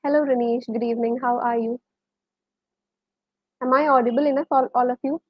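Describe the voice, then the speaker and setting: A woman with a Malayali English accent runs a live-streamed English lesson, moving between English and Malayalam and welcoming viewers by name. She speaks fairly quickly in a steady tone. The recording is dry, and the stream audio sounds muffled and low-fidelity.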